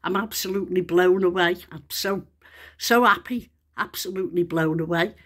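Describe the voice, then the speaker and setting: A middle-aged woman filming a casual vlog outdoors in her back garden on a phone, chatty and excited as she calls to a bird. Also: lowish voice, moderate pace. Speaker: vlogger.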